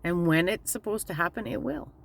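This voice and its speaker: A woman giving a casual, candid motivational talk as a spiritual vlogger, plainspoken and slowing down to stress her points. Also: on the low side, creaky, a little hiss or hum.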